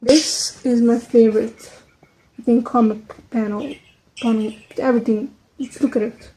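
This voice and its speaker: A woman's voice: on the high side, fairly even intonation, rough recording. Chatty young woman, non-native English. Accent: American-leaning English, second language. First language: not English. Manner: chatty, quick, trailing off into soft asides. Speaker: book vlogger. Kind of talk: casual chat.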